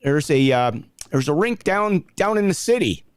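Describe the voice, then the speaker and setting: Lively-voiced man giving folksy tips. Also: a little high, normal speed, smooth, no room sound, clean studio sound. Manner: folksy, gives tips to listeners. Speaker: podcast co-host. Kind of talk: casual chat.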